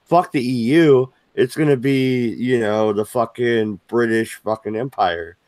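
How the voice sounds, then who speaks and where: A man's voice: medium pitch, a little slow, a little mellow, dry recording. Man in profane, joking banter. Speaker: stream co-host. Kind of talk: casual chat.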